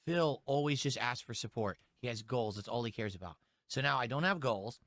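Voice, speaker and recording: A man's voice: mid-range voice, expressive, fairly quick, a bit bright, dry recording, studio quality. A man on a stream clip, insisting defensively that he is happy and doing fine.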